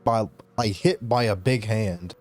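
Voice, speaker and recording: A man's voice: lowish voice, unhurried, a little mellow, faint music behind. A man in a casual podcast chat, laid-back and rambling, swearing freely. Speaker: podcast co-host.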